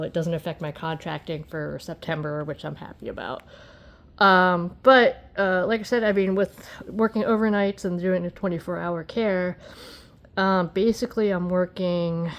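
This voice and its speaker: A tired woman chatting casually as a vlogger while she crochets, rambling and filling her talk with "you know" and "um". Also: fairly low pitch.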